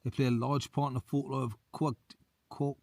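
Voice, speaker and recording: A man, a former soldier, reads a folk tale aloud on a cold winter camp and keeps breaking off into matey chat. His voice sits at an average middle pitch. The sound is dry and close, with no echo. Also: flat delivery, fast talker, darkish tone. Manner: matey, says mate a lot. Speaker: outdoor vlogger and ex-soldier. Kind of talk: reading a folk tale aloud with chatty commentary. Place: outdoors at a winter wild camp in the hills.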